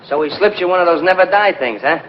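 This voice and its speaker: Rapid-fire vaudeville comic, high voice, hissy old print. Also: male voice, lively intonation. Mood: joking. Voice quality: brash, jokey. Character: fast-talking burlesque comic. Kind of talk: 1940s film acting. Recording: hissy, muffled 1940s film soundtrack.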